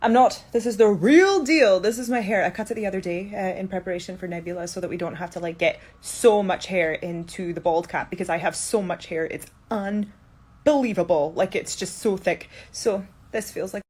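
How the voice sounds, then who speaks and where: A woman with a Scottish accent answering fan questions in a casual chat to her phone, sounding sleepy and low on energy, alone in a quarantine room. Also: brisk, few pauses, darkish tone, husky. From Scotland. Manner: chatty, tired, low energy. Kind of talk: casual Q&A to camera. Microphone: phone camera, self-recorded.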